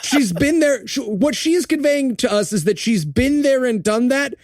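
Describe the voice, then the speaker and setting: A man's voice: very high voice, lively intonation, moderate pace, no room sound, studio quality. A man co-hosting a comedic movie review podcast, riffing sarcastically. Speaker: podcast co-host.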